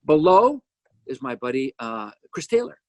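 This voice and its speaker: A man's voice: medium pitch, moderate pace, dry recording. An older man giving casual, joking commentary on his own music video, with teasing asides about each person on screen. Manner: jokey, animated, teasing asides. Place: home.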